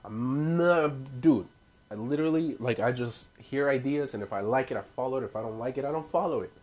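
A man's voice: medium pitch, darkish tone. A man ranting casually to his viewers, loose and profane, with rambling asides and frequent laughs. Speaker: vlogger. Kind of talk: casual profane rant to camera.

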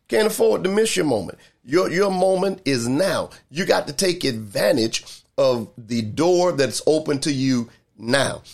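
A man's voice: medium pitch, creaky. Older male pastor, emphatic repetitive sermon delivery, mid-range voice. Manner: repetitive, emphatic preaching with drawn-out pauses.

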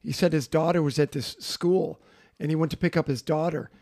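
A man's voice: fairly high pitch, fairly even intonation, brisk, a little mellow, no echo, studio quality. A man co-hosting a music podcast, chatting casually, telling stories and laughing often. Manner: laughing, storytelling. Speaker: podcast co-host. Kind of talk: casual chat.

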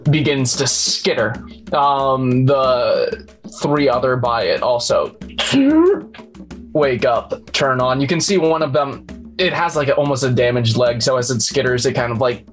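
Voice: medium pitch, unhurried, soft background music. A game master narrating a tabletop game, hesitant, with frequent ums, restarts and easy laughter.

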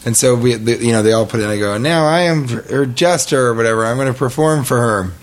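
Speaking fast in a medium pitch, a middle-aged man on his podcast rambles through a humorous story. He animates it by performing the quotes as casual comedic storytelling.

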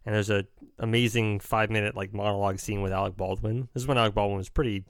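A young man chats casually as a podcast host, rambling and restarting his sentences. His voice sits a little low and turns gravelly, and he talks quickly. The sound is dry and close. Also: fairly even intonation, no room sound. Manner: rambling, restarts often, uses "like" a lot. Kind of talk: casual chat.

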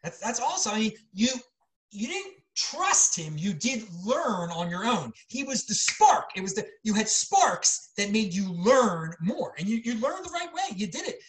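Here is a woman hosting a podcast. She talks in an emphatic, hyped-up way, and her pitch swings widely. Her voice echoes around a roomy space. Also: very animated, normal speed. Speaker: podcast host. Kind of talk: casual podcast chat. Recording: roomy echo.

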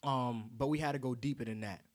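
A man's voice: medium pitch, brisk, a little hiss or hum. Upbeat young male podcast host. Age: young adult. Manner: upbeat, hype-man slang. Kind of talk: casual podcast chat. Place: table indoors with drinks.

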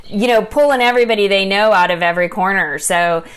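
A woman's voice: mid-range voice, quick pace, a bit bright, clean tone. A woman co-hosting, upbeat and chatty in a casual conversation. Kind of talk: casual chat.

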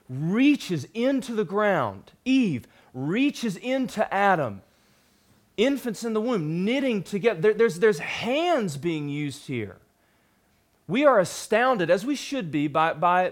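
A young adult man preaching a sermon, casual and animated, with frequent fillers and quick asides to the audience. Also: sits high. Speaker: pastor.

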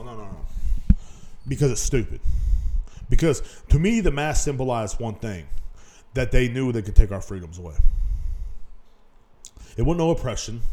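A man hosting a casual podcast, ranting in a profane, rambling way and mocking people in put-on voices. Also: medium pitch. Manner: gets loud and worked up. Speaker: podcast host. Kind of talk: casual rant.

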